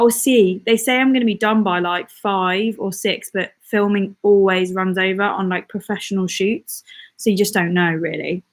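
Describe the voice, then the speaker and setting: A young woman from England chatting casually on a live stream as a vlogger, bubbly and reading viewer comments aloud. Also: mid-range voice.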